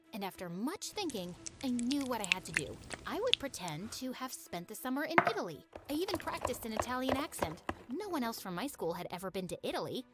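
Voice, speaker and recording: A woman narrating her own story in an expressive, confessional scripted storytime style, with music behind. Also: on the high side. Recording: narration over background music.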